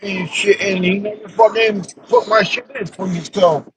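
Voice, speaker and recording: A man's voice: sits high, steady tone, moderate pace, noisy background. A man live-streaming from his car, chatting loosely with friends and viewers in slangy, casual talk.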